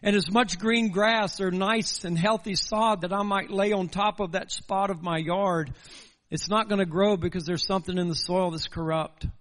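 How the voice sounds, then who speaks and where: A man's voice: high voice, fairly even intonation, normal speed, a bit bright, long reverb tail. A man preaching a sermon in a church, earnest and building through repeated rhetorical questions. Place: church sanctuary.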